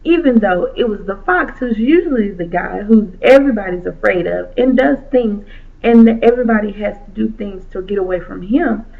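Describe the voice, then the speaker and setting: A woman telling a children's story aloud in a slow, sing-song way. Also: mid-range voice, gravelly. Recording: dull lo-fi recording.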